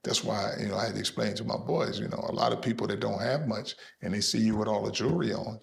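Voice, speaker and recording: A man's voice: on the low side, quick pace, gravelly, a little hiss or hum. A middle-aged man, an interview guest, telling boastful stories and acting out the voices of the people in them. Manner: boastful, lively, acts out quoted voices. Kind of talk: animated storytelling in an interview.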